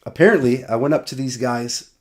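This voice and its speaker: A man's voice: mid-range voice, fairly quick, darkish tone. A man hosting a podcast, telling loose, rambling stories in casual conversation and laughing often. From United States. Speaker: podcast host.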